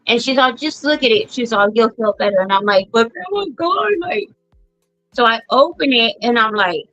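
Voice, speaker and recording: A woman's voice: a little high, fairly quick, fairly bright tone, no room sound, faint music behind. A middle-aged woman hosting a podcast, telling family stories bluntly with plenty of swearing. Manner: blunt, profane storytelling. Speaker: podcast host. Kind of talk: casual chat. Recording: dull lo-fi sound.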